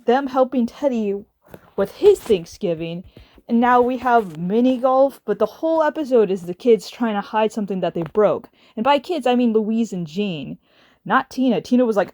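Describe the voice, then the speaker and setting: A woman's voice: a little high, darkish tone, no echo. A woman delivering a casual, exasperated rant as a video reviewer, sarcastic and swearing now and then. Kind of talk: casual ranting commentary.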